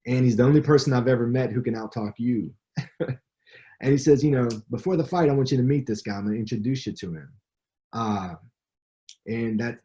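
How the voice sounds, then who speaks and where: A man's voice: mid-range voice, warm tone. A man, the author, reading from his book and adding commentary in a conversational storytelling way.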